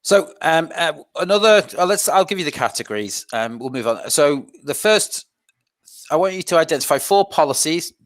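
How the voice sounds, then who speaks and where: A man's voice: fairly high pitch, lively intonation, moderate pace, fairly bright tone, dry recording. A man explaining education policy in a live online revision lesson, hesitant and full of self-corrections. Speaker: revision session presenter.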